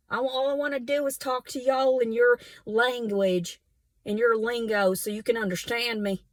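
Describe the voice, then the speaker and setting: A woman with a drawl speaks to camera in a fiery, defiant rant, circling back to the same points again and again. Her voice sits fairly high and sounds dry and close, with no room around it. She is hot and sweating as she talks. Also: no echo. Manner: angry, defiant, repetitive. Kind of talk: impassioned monologue to camera.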